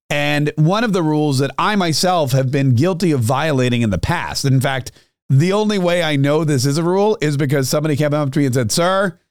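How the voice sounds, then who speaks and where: A man's voice: on the high side, no room sound, clean studio sound. A middle-aged man hosting a talk show, telling a rambling, self-mocking story in a casual monologue. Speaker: radio talk show host.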